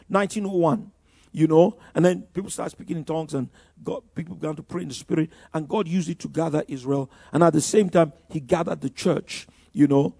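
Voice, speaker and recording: A man's voice: sits high, creaky, darkish tone, breathy edge, no echo, clean studio sound. An older male pastor preaching a sermon, emphatic, with frequent "you know" fillers and stumbling restarts.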